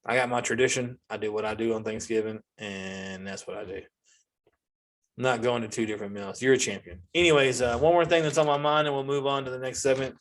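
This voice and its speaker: Man, 40s, comedy host, ranting monologue with high outbursts. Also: brisk. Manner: ranting, animated, jumps to high-pitched outbursts.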